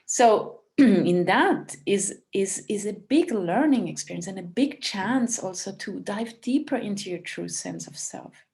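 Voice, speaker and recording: A woman giving a calm, reflective spiritual talk as a teacher. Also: mid-range voice, unhurried.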